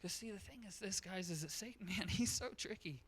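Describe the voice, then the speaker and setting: A man pastor preaching a sermon in a church, telling a story in an animated way. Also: high-pitched, fairly quick, breathy edge. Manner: animated storytelling, acts out quotes.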